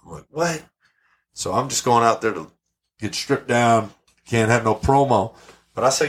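A man's voice: medium pitch, normal speed, long pauses, a little hiss or hum. A man guest on a podcast, telling brash, profane stories in casual chat. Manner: brash, profane, animated storyteller. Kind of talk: casual storytelling.

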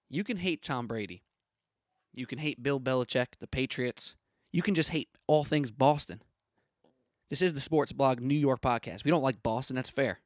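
In this solo sports podcast, the young host rants punchily and with strong opinions, throwing out rhetorical questions one after another. He speaks at a normal middle pitch, captured close and dry with no echo or room sound.

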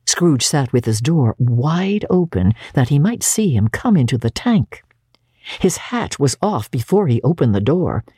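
Expressive audiobook narrator, woman, slow and mellow with a dry close sound. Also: low voice, husky, no room sound. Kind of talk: dramatic audiobook reading.

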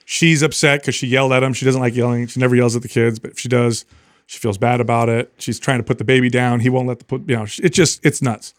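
A man co-hosting a podcast, telling a long story in a casual, animated way and acting out what people said. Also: mid-range voice, fast talker, no echo, studio quality. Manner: animated storyteller, acts out quotes. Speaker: podcast co-host.

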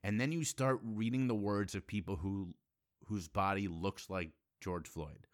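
A man's voice: on the low side, no echo, clean studio sound. A man delivering a heated, blunt solo monologue as a podcast host, swearing freely and breaking off to restart his sentences. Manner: impassioned, blunt, profane, halting restarts.

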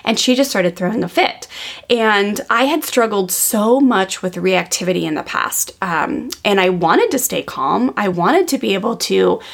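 A woman's voice: medium pitch, animated, unhurried, gravelly, husky. A woman in her thirties, a podcast host, telling a personal parenting story in a candid, casual way with many fillers.

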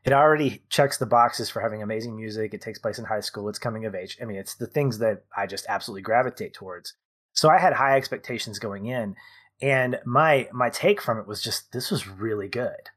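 This podcast co-host, a man in his thirties, has a fairly low, fairly bright voice and talks fairly quickly. Chatting enthusiastically through a casual review, he rambles and keeps correcting himself.

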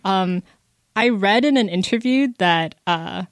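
A woman's voice: medium pitch, animated, a little slow, no echo. A woman in her twenties chatting casually about a book, with lots of fillers and bits where she quotes people. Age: 20s. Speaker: book discussion co-host.

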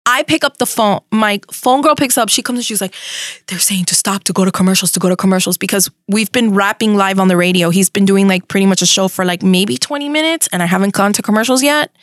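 A middle-aged Miami woman, a radio host appearing as a guest in a casual interview, tells a story. She talks fast and animatedly, swearing freely and dropping in Spanish words. Her pitch is average, and the recording is dry and close-miked.

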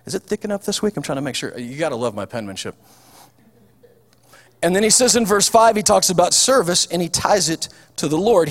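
Male pastor, casual folksy preaching, slightly high pitch, recorded in a reverberant church hall. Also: a bit bright. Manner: folksy, chatty preaching with frequent ums and restarts. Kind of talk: sermon.

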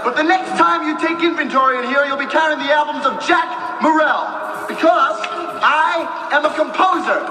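An actor playing an eager young record-store clerk who wants to be a composer, in a film clip. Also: male voice, extremely high pitch, normal speed, pushed and bright. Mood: defiant. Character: young man, eager aspiring composer, frantic. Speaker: film character. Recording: film clip with music and crowd, roomy, distant.

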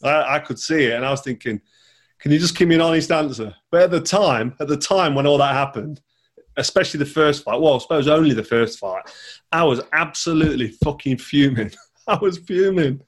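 A man's voice: a little high, a little fast. A man, chatting casually over a call, rambling and repeating words. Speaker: podcast guest, former boxer. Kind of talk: casual chat.

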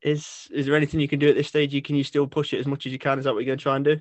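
Rapid chirpy radio host. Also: male voice, medium pitch, flat delivery, no echo. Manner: chirpy, chatty, laughing. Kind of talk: casual chat.

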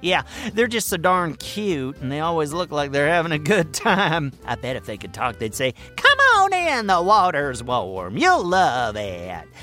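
A man voicing a boastful, excitable furry animal sidekick who hosts a kids' comedy radio show. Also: fairly high pitch, unhurried, soft background music, full character voice.

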